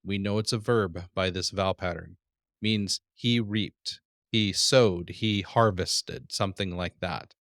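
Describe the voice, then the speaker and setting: Man, teacher; low, unhurried voice, patient repetition of words, dry close recording. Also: a bit bright, dry recording. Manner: patient, repeats words slowly. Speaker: Hebrew teacher. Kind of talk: classroom lesson.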